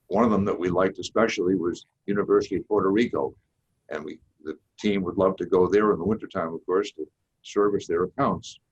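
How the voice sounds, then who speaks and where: Guest speaker, eighties, Boston accent; low and raspy, unhurried folksy storyteller; muffled lo-fi sound. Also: male voice. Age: 80s. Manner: measured, folksy storytelling with occasional restarts. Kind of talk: prepared seminar talk. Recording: dull lo-fi recording.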